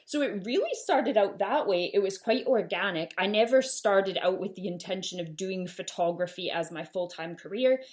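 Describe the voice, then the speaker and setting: A woman's voice: medium pitch, moderate pace, few pauses. A woman in her thirties with a Canadian accent and a slight Glasgow twang, telling her own story on a solo podcast in a chatty, self-deprecating way. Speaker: podcast host.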